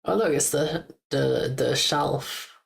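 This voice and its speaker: A woman's voice: a bass voice, slow pace, creaky. A young woman streamer chatting casually, joking and giggling as she repeats words from a game. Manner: playful, giggly, jokes while repeating words. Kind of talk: casual live-stream chat.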